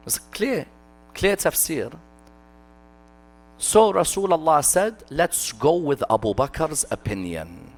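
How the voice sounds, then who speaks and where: A man giving an impassioned religious lecture, asking rhetorical questions and swinging between loud emphasis and hushed asides. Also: a little high, sing-song, a little slow. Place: mosque hall.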